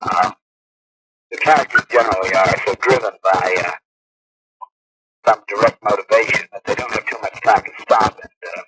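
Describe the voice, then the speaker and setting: A middle-aged actor speaking in a measured, articulate way with frequent pauses, heard over a noisy phone line on an old radio broadcast. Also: male voice, on the low side, fairly even intonation. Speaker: actor guest. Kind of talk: phone interview. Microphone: telephone.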